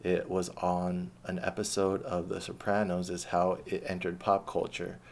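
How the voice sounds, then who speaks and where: A man talking casually about performing at an open mic and reading his own spoken-word poem, low-key and reflective, swearing freely. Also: monotone, normal speed, vocal fry.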